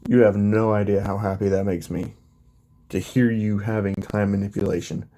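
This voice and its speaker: A man's voice: fairly low pitch, flat delivery, normal speed, warm tone, close to an everyday voice. A man voicing a proud, teasing father god.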